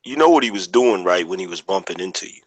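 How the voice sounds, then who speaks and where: A man's voice: sits low, lively intonation, fast, slightly rough, rough recording. A man in casual chat giving blunt advice, emphatic and repeating his points. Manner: emphatic, advising, repeats himself.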